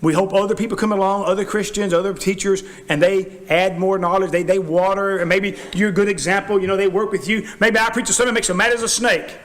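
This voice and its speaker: A man preaches in a church with a notably high voice. His delivery is folksy and animated, and he slips into quoted voices to act out the people he talks about. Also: fast, few pauses. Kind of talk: sermon.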